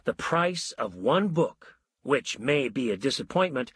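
A man voicing a bearded, brash ad writer who pitches ideas eagerly, in a husky voice. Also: sing-song, measured pace, fairly bright tone, no room sound, clean studio sound, exaggerated voice.

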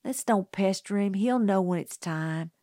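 A woman's voice: medium pitch, measured pace, no echo, clean studio sound, natural voice. A woman reading an audiobook, voicing an anxious, protective boy who speaks urgently and at times drops to a whisper. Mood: worried. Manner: urgent, sometimes hushed to a whisper. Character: anxious Southern boy, protective older brother. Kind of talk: audiobook character voice.

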